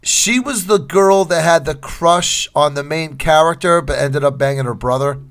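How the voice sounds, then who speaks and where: कहानी सुनाता हुआ हल्का ऊँचा आदमी. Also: male voice, on the high side, normal speed. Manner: animated storyteller. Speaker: podcast co-host. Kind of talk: casual chat.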